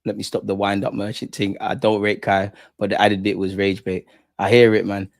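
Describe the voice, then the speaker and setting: A man's voice: lowish voice, moderate pace, gravelly, no room sound, clean studio sound. A young man hosting a casual live stream, reading chat comments and ranting with jokes in between. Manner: animated, swings between ranting and joking with chat. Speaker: fan channel host.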